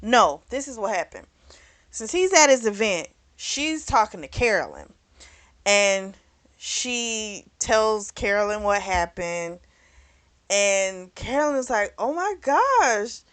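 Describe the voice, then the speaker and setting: A woman's voice: medium pitch, animated, slow, a bit bright. Chatty woman casually recapping a book. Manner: chatty, loose and frank, with frequent "you know" and "like" and some cursing. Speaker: book club vlogger.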